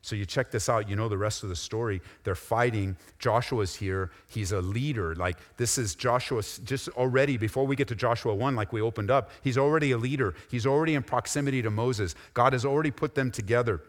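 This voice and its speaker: A man preaching a sermon as a pastor, animated, acting out squabbling voices and dropping into soft, intense asides. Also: medium pitch, brisk, hardly any pauses. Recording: reverberant hall.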